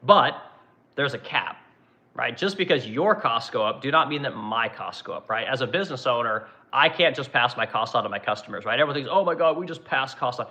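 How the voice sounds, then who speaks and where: A man's voice: mid-range voice, animated, brisk, bright, forceful tone, rough recording. A man running a livestream as a furniture manufacturer, reading chat comments and ranting bluntly with plenty of profanity.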